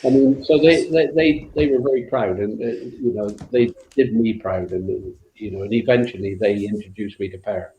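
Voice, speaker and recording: A man's voice: on the low side, moderate pace, few pauses, mellow. Older West Country man telling rally stories. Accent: West Country English. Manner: rambling, full of fillers and restarts. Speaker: guest, former rally co-driver. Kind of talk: anecdotal interview storytelling. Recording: roomy, dull lo-fi sound.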